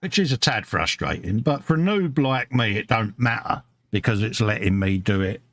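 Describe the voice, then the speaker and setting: A man's voice: on the low side, animated, normal speed, a bit bright, dry recording. A British man co-hosting a casual live stream from his hobby workbench, chatting and reading viewer comments aloud, calling everyone mate. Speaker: live show co-host.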